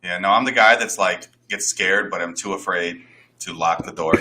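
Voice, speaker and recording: A man's voice: low voice, normal speed, bright, forceful tone, a little hiss or hum. A man co-hosting a radio show, rambling in a self-deprecating way during casual banter. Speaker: radio co-host.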